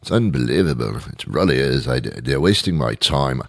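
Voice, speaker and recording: A British man hosting a radio talk show, talking in an animated, mock-indignant, rambling way. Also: extremely low pitch, normal speed, vocal fry, dry recording, studio quality. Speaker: radio host. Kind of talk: comic talk radio monologue.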